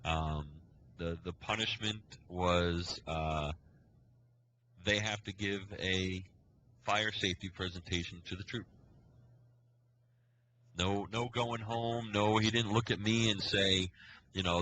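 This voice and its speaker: A man's voice: sits low, fairly even intonation, takes it slowly, long pauses, pushed and bright, slight background noise, poor audio. A man, a scoutmaster, telling a long story on a casual podcast, acting out the quoted dialogue as he goes. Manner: rambling storyteller who acts out quoted dialogue.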